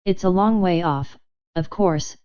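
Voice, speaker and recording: A woman's voice: fairly low pitch, unhurried, clean tone, highs cut off, natural voice. A woman reading the part of a young woman putting on a silly, flustered act, babbling breathlessly. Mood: gushing.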